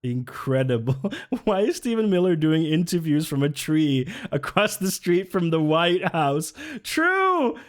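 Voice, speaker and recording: A man's voice: a little high, measured pace, few pauses, darkish tone. A man streaming live, reacting to news clips in a casual, sarcastic, exasperated way, swearing and laughing often. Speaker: livestreamer.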